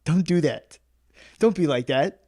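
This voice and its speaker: A man's voice: a little high, a little slow. A man from Alaska, co-hosting a casual podcast, telling a story with lots of swearing and acted-out dialogue. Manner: animated storyteller, swears a lot, acts out dialogue. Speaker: podcast co-host.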